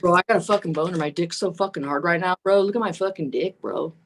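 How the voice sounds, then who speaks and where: A woman's voice: fairly low pitch, fast talker, slight background noise, voice pushed down, natural voice. A woman voicing a dim, overexcited young man who talks crudely and keeps saying bro. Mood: boastful. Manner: crude, eager, repeats bro.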